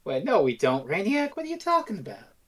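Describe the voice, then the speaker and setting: A woman co-hosting a casual review podcast, animated and swearing freely, acting out characters as she talks. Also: mid-range voice, brisk. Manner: animated, acts out characters in exaggerated voices. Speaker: podcast co-host.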